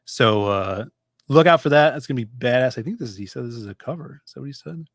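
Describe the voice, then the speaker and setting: A man's voice: medium pitch, lively intonation, fast, no room sound, clean studio sound. A man hosting a comics livestream in casual chat, chatty and jumping from topic to topic. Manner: chatty, jumps between topics.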